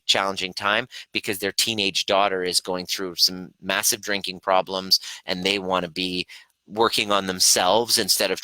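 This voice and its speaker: A man's voice: on the low side, sharp tone, no room sound, poor audio. A middle-aged man coaching viewers in a live question-and-answer stream, earnest and reflective, acting out his own reactions as he talks.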